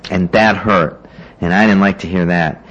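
A man with a somewhat low voice tells his own story of getting sober in a casual, meandering way. He leans on "you know" and "like", and he acts out the lines of the people he's talking about. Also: steady tone, normal speed, a bit bright, lo-fi sound. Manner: rambling, full of "you know" and "like", acts out what others said. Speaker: speaker sharing his recovery story at a meeting.

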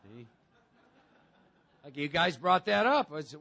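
A man with a high, gravelly voice talks to a recovery group in a lively, joking way. He acts out other voices and pulls the room along with questions. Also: slow. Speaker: recovery meeting speaker.

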